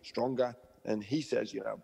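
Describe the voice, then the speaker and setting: A man's voice: mid-range voice, steady tone, moderate pace, creaky, dark tone, slightly rough, long reverb tail. A man, a dog trainer being interviewed, who explains through stories and analogies and acts out the people he quotes. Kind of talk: interview conversation.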